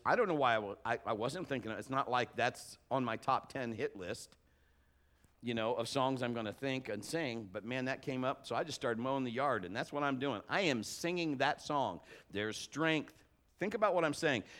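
Middle-aged male pastor, casual folksy sermon, storytelling with restarts, mid-pitched voice. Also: fairly bright tone. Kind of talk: conversational sermon.

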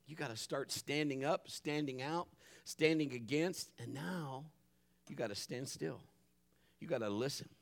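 A middle-aged man preaching a sermon as pastor, animated, acting out his family's voices and dropping to a hush for calm moments. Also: mid-range voice, a little slow, gravelly. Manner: drops to a hushed voice for calm moments.

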